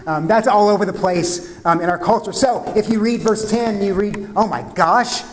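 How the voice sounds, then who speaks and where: Male pastor, sermon, slightly high voice, chatty and questioning, long hall reverb. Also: normal speed, a little mellow, a little hiss or hum. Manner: conversational, asks the congregation questions, many fillers.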